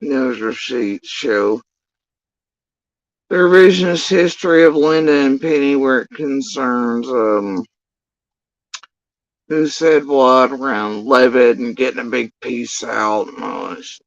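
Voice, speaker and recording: A man's voice: mid-range voice, slow, vocal fry, no room sound, muffled recording. A man telling a long story in a casual commentary rant, profane, rambling and exasperated.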